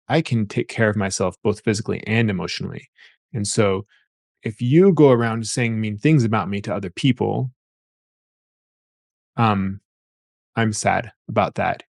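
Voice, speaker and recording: Gravelly low-voiced male therapist. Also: normal speed, no echo, studio quality. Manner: thoughtful, repeats words as he thinks. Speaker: therapist guest. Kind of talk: interview conversation.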